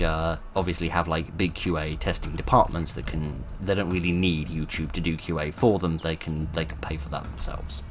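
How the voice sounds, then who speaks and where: Deep-voiced man musing hesitantly. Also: a little hiss or hum. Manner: thoughtful, hesitant, many fillers and restarts. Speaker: channel host. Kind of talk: informal channel talk.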